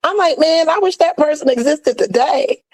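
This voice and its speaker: A woman co-host speaks in a casual, heartfelt way, slightly high in pitch. She keeps trying to laugh off her emotion. Her stories are peppered with playful quoted lines. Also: expressive, normal speed, a little mellow, low-quality recording. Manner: emotional, fighting back tears, laughing; playful, chatty with quoted asides. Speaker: podcast co-host.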